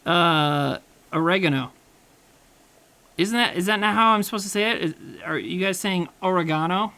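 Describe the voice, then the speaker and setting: On a low-quality recording, a streamer cooks live and banters with his chat, rambling, cursing, and mocking himself. His high-pitched voice is creaky, pushed, and bright, moving at a normal speed.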